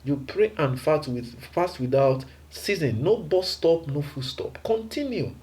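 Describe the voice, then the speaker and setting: A man's voice: fairly high pitch, expressive, unhurried, darkish tone. A man preaching a sermon emphatically, with rhetorical questions and repeated phrases.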